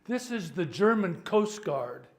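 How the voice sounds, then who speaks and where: Older male clergyman, informal teaching talk, wry asides, voice a touch high. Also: big pitch swings, a little slow. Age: 70s. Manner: chatty, joking, stops to sort out sound. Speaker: priest leading a workshop.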